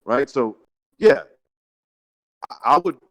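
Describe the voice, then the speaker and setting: A man's voice: medium pitch, expressive, slow, dry recording, rough recording. A man co-hosting a boxing podcast, rambling and loose, with slang and swearing. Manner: rambling, says bro and dude, swears. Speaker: podcast co-host. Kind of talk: casual boxing chat.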